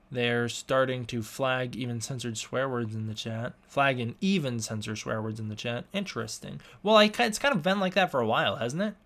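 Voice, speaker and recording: A man's voice: medium pitch, a bit bright. A young man hosting a live stream, reading chat questions aloud in casual talk, often stumbling and restarting his words. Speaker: livestream host answering chat questions.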